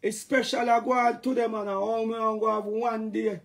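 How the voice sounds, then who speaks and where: A Jamaican man chatting loosely on a live stream, his voice sitting high for a man. He rambles and jumps between topics, now and then bursting into loud catchphrases. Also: level tone, normal speed, creaky. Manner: rambling, playful, shouts catchphrases. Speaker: dancehall artist talking to fans. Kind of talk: casual live-stream chat.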